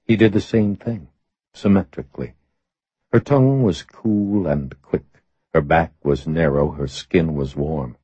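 A man narrating an audiobook in a measured, steady reading voice. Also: rumbling low, husky, no echo. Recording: slightly muffled recording.

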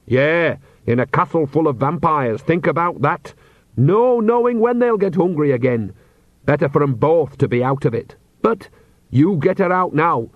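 A man's voice: on the high side, lively intonation, normal speed, no echo, phone-quality sound, pitched above the performer's own voice. A man reading aloud and voicing a cheerful, bawdy old witch woman with a blunt, teasing manner. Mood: insistent.

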